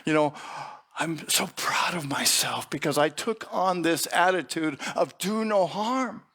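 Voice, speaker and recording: A man voicing a humbled male snake who was once dangerous, speaking softly and plaintively, at times near a whisper, in a sermon parable. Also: fairly high pitch, animated, a little slow, voice pushed up, exaggerated voice. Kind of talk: storytelling sermon.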